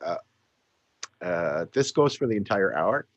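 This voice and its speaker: A man's voice: low-pitched, big pitch swings, unhurried, highs cut off, heavy background noise. A tired Canadian man hosting a casual show, grumpy and dry, swearing now and then. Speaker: podcast host. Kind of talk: casual chat.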